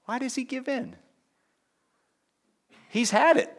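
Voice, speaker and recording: A man preaching a sermon in a lively teaching tone, with conversational asides and small jokes. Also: slow. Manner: lively teaching tone, pitch rising on key points and dropping low on asides. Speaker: pastor.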